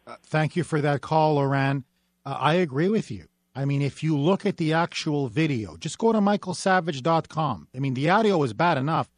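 A man hosts a talk radio show with a high, pointed voice, building an emphatic and indignant monologue. He is recorded close and dry in the studio, with no room sound around him. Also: dry recording.

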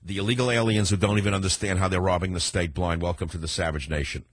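Older male talk radio host, thick New York accent, very low husky voice, opinionated and digressive, dry studio sound. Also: fairly even intonation, quick pace, dry recording. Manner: rambling, combative, digressive.

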